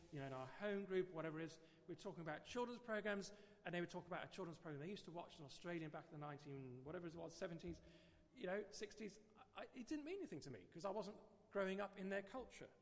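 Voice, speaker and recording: A middle-aged man with an English accent preaching a sermon in a conversational, digressive way, often repeating words as he goes. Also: high-pitched. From England. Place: church. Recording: church hall reverb.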